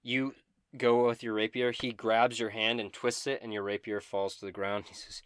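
A man narrating a tabletop game as game master, lively and crude. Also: lowish voice, normal speed, clear, resonant tone.

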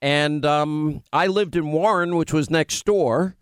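A man with a faint New York accent hosts a radio talk show, bantering quickly with his crew. His voice is smooth and clear, a touch high for a man, and sits close and dry on the studio mic. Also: dry recording. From Long Island, United States. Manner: chatty, bantering, quick asides. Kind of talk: casual radio chat.

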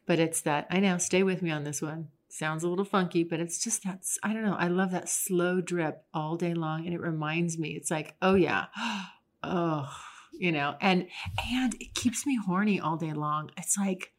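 A woman's voice: on the low side, moderate pace. A young adult woman hosting a podcast, talking alone in a frank, chatty way with frequent restarts. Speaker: podcast host. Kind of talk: casual solo monologue.

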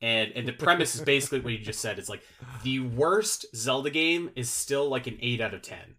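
A man's voice: mid-range voice, animated, brisk, pushed and bright. A man chatting casually as a podcast guest, rambling and filling his sentences with "like" and restarts. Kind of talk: casual chat.

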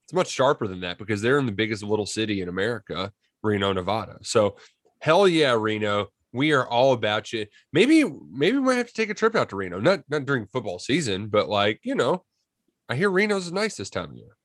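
A man co-hosting a casual college football podcast, talking in animated, excitable bursts. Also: lowish voice, brisk, no room sound, studio quality. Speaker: podcast co-host. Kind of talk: casual sports chat.

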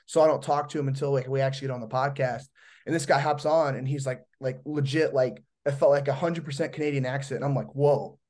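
A man's voice: mid-range voice, steady tone, fast talker, darkish tone. A man from Indiana hosting a podcast, asking loose, rambling questions full of fillers in a casual interview chat. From Indiana, US Midwest. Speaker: podcast host.

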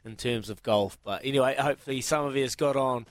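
Jokey Kiwi radio host, dry sound. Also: male voice, mid-range voice, dry recording. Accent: New Zealand. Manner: jokey, quick to laugh, calls everyone mate. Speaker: radio sports quiz host. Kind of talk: breezy radio banter.

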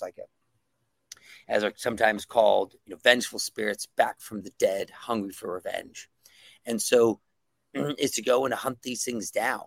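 Gravelly-voiced man, enthusiastic comic writer. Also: on the low side, fairly bright tone, no echo. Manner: enthusiastic, rambling with many fillers. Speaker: guest comic book writer. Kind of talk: casual interview talk.

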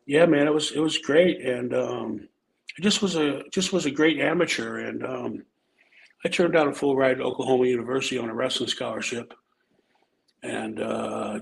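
A man's voice: mid-range voice, gravelly, a little hiss or hum, poor audio. A middle-aged man from Omaha, Nebraska, telling stories in a casual, laid-back way, swearing freely and tacking "man" onto his sentences. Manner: laid-back and profane, peppers talk with "man" and "um". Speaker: podcast guest storyteller, former wrestler. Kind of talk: casual storytelling.

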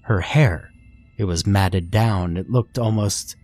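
A man reading a scripted horror story aloud in a slow, measured way. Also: lowish voice, a little mellow, no room sound, faint music behind. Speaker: narrator.

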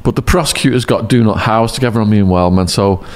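A man's voice: on the low side, quick pace. A man animatedly telling a story as a podcast guest, laughing often. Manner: animated storyteller, lots of laughing and acted quotes. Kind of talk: casual storytelling.

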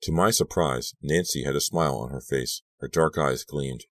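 A man with an extremely deep voice narrates a horror audiobook in a measured, dramatic first-person reading. The sound is close and dry, with no room at all. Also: no room sound. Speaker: audiobook reader.

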